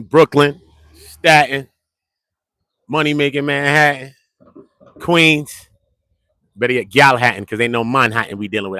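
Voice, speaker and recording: Slangy, lively New man. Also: medium pitch, no room sound, clean studio sound. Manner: slangy, joking, repeats himself. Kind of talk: casual rambling talk to the camera.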